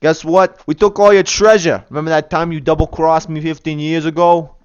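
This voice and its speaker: Man doing a cocky little stone bandit, mocking and boastful, tabletop game figure, higher and louder than his usual talk, dry close sound. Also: steady tone, fairly quick, smooth, dry recording, highs cut off, lightly acted. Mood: taunting. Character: tiny stone bandit statue come alive, male, brash and taunting.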